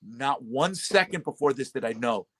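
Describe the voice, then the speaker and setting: Guy telling a wild story, bright voice, really lively swings up and down. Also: mid-range voice, moderate pace, husky. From Connecticut. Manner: animated storyteller, acts out shouting voices. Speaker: podcast host. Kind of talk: casual storytelling chat.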